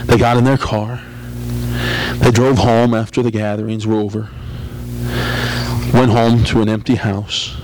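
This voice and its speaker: Male pastor, mid-pitched, storytelling sermon delivery that stretches out key words, faint hum behind. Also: fairly even intonation, moderate pace, darkish tone, poor audio. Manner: dramatic storytelling, drawing out words for emphasis.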